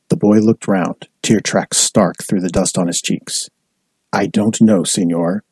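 A man reading a historical novel aloud in steady, measured narration. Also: low voice, breathy edge, dry recording, poor audio. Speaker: audiobook reader. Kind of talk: scripted narration.

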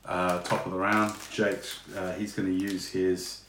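A man narrating as game master for a tabletop game, relaxed and chatty with lots of fillers. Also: sits low, a little slow. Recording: echoey room with faint noise.

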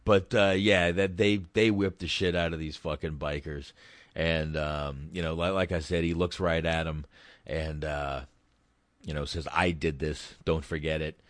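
A man's voice: extremely low pitch, steady tone, a little slow, no echo. A man hosting a casual podcast, telling rambling, profane stories about a film. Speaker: podcast host.

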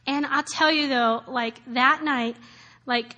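A high-pitched woman in her thirties shares a personal testimony in a loose, chatty way. She fills her story with "like" and "um", laughs often, and acts out the people she met. Her voice sits bright and light above most women's. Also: measured pace. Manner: animated, many fillers and laughs, acts out quoted voices. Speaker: speaker sharing a personal testimony.

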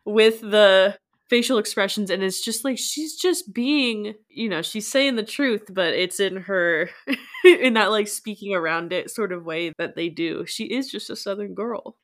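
A woman's voice: medium pitch, a little slow. A woman talking casually on an astrology podcast, earnest and candid.

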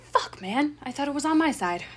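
A woman's voice: sits high, expressive, moderate pace, a little hiss or hum. Chatty young woman podcast co-host. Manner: chatty, swears casually, laughs a lot. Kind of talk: casual chat. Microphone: remote call.

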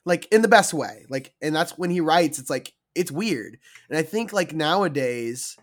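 Podcast co-host: mid-pitched voice, rambling, filler-heavy opinions. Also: expressive, normal speed. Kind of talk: casual podcast chat.

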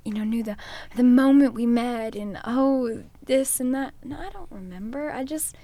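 Young woman, higher voice, mellow tone, casual teasing chat, dry close sound. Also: no echo. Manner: playful, teasing, quick to laugh. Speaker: partner in a couple's conversation.

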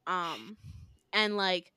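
A woman's voice: on the low side, big pitch swings, extremely slow, a crowd in the background. A young woman hosting a podcast, telling a story in a rambling casual way, full of filler words. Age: young adult. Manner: rambling, heavy on fillers like "like", laughs often. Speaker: podcast host.

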